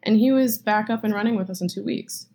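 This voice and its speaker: A woman's voice: medium pitch, brisk, a little mellow. A woman guest telling a personal story and explaining with analogies in a casual interview. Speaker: acupuncturist guest.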